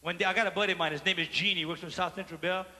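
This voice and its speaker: A man's voice: sits high, fairly even intonation, racing, pushed and bright. A man with a Cajun accent from Louisiana, telling stand-up stories and teasing the crowd on a large theater stage. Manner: chatty, playful, addresses the crowd. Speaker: stand-up comedian. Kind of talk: live stand-up storytelling. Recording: live theater reverb, faint hall noise.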